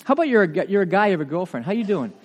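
A man with a New England accent, a pastor preaching a sermon in a lively, conversational way, full of rhetorical questions. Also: sits high, racing. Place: church sanctuary. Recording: long church reverb.

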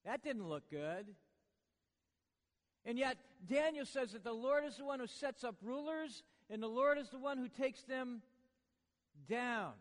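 A man preaching a sermon in a church, swinging from hushed lines to booming ones with joking asides. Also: in a large hall. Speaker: pastor.

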